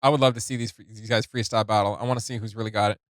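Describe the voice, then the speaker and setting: A man hosting a music reaction video, reading lyrics and annotations aloud in a casual, halting way with many fillers. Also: on the low side, fairly even intonation, no room sound.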